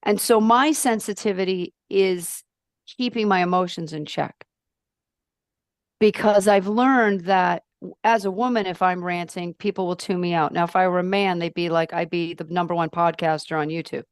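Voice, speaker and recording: A woman guesting on a podcast, talking in an emphatic, outspoken, animated way with big swings in pitch. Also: moderate pace, clear, resonant tone, dry recording, studio quality. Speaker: podcast guest, life purpose coach. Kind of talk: casual podcast conversation.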